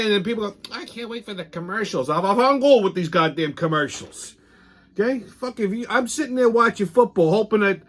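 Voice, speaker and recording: A blustering man hosts a comedic rant show, swearing at every turn. His voice sits high for a man and leaps around in pitch. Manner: profane, blustering, swaggering. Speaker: host.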